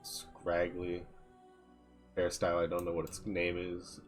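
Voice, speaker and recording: A man's voice: deep voice, completely flat delivery, unhurried, faint music behind. A man streaming a game, talking casually to himself and reading out menu text as he builds a character. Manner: muses aloud, reads out menu text. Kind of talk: casual gameplay commentary.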